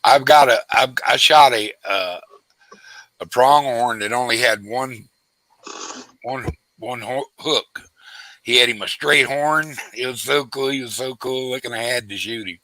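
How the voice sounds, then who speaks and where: A man's voice: medium pitch, measured pace, sharp tone, no echo, low-quality recording. A man telling a long hunting story in casual chat, full of restarts and quoted lines. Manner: rambling storyteller with frequent restarts, acts out quoted voices. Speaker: host.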